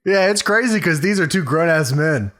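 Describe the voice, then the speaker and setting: A man's voice: fairly high pitch, expressive, moderate pace, crowd noise. A young man co-hosting a podcast, chatting in a laid-back way with crude jokes. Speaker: podcast co-host. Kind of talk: casual recap chat. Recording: loud background noise.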